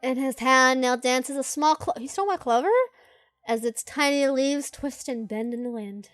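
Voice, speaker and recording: Lively young woman reading a game. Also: sits high, moderate pace, no echo, soft background music. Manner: animated, joking, talks back to the characters. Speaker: gaming channel host. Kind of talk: reading a game aloud with live commentary.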